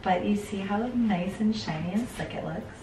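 A woman with a raspy voice chatting casually and upbeat while her hair is styled, often trailing off mid-sentence. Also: mid-range voice, moderate pace, dark tone. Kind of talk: casual chat. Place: indoors at a rental home. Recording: echoey room, distant mic, background noise.

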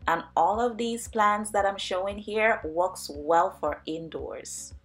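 A woman's voice: mid-range voice, slow, fairly bright tone, soft background music. A woman narrating a home plant vlog in a cheerful, chatty, enthusiastic way. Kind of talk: casual voice-over vlog narration.

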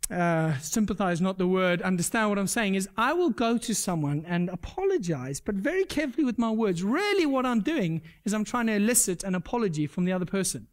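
A man preaching a sermon. He talks earnestly, repeats his key points, asks the congregation questions and pokes fun at himself. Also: sits high. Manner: self-deprecating humor. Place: church service.

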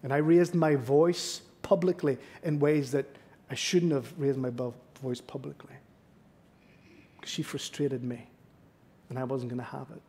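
A man's voice: mid-range voice, steady tone, measured pace, dark tone. A middle-aged man preaching a sermon in church, telling personal stories in a self-deprecating, confessional way. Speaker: guest preacher. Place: church sanctuary.

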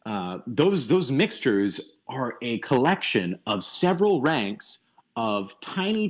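A young man giving a casual online lecture over a voice call, thinking aloud with frequent restarts and fillers and blunt opinionated asides. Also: mid-range voice. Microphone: computer mic on a voice call.

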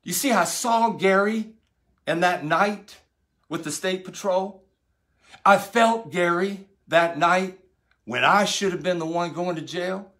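A middle-aged man giving an impassioned motivational talk, preacher-like, repeating phrases and swinging from loud pleas to hushed words. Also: high-pitched, slow pace. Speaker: speaker.

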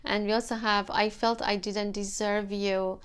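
A woman giving a tarot reading to camera, gentle and emotional, with many fillers. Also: medium pitch, little pitch movement, a little slow, clear, resonant tone. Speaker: tarot reader.

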